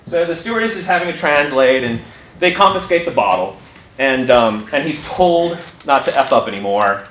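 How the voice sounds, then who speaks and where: A man telling a personal story, animated, often laughing as he talks and acting out his own reactions. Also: medium pitch, moderate pace. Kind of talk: personal story told live. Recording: echoey room with background noise.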